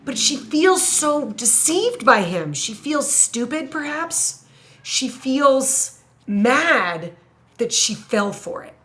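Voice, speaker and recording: A woman teacher thinking out loud as she writes an essay paragraph, musing, hesitating and correcting herself as she goes. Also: high-pitched, sing-song, takes it slowly. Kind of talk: thinking aloud while writing an essay paragraph.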